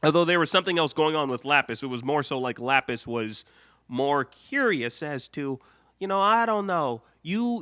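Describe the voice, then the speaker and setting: A man's voice: mid-range voice, animated, normal speed, pushed and bright. A man hosting a live cartoon-commentary stream, rambling and correcting himself, now and then breaking into mock outrage. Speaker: live show host.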